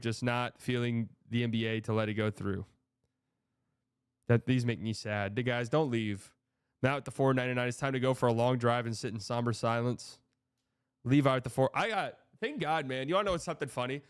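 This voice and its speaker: A man's voice: mid-range voice, fairly even intonation, brisk, clear, resonant tone, dry recording, studio quality. A young man hosting a casual sports livestream, reading out donations and rambling with exasperated, profane reactions. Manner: exasperated, rambling, swearing, reads donor messages aloud.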